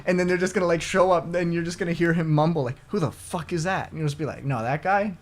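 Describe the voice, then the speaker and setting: A man's voice: fairly high pitch, fast talker. A young man co-hosting a casual chat, rambling with many fillers. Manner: rambling, lots of fillers, laughs into put-on voices. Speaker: podcast co-host.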